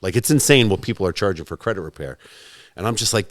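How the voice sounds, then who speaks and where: A man's voice: low-pitched, lively intonation, fast, no room sound, studio quality. A man in his forties, a podcast guest in casual chat, swearing freely and acting out both sides of remembered conversations. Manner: profane, storytelling, acts out both sides of conversations.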